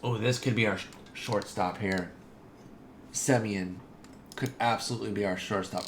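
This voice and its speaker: A man giving casual, chatty commentary over his own game playthrough, excitable and talking straight to his viewers. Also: on the low side, moderate pace, a little hiss or hum. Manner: chatty and excitable, says dude and y'all. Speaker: gaming video host.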